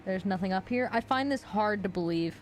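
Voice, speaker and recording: A woman's voice: medium pitch, fairly quick, soft background music. A young woman streaming a game live, chatting playfully and swearing often. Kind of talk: live gameplay commentary.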